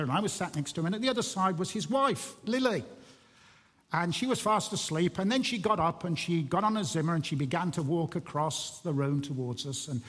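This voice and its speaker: A man preaching a sermon as a pastor, telling stories earnestly and slowing and softening for emphasis. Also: fairly high pitch. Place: church. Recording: echoey hall reverb.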